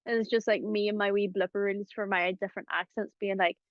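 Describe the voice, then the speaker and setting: A woman's voice: mid-range voice, fairly even intonation, fast, dry recording, highs cut off. A woman hosting a casual chat about voice acting, talking chattily with lots of fillers and laughs. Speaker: host.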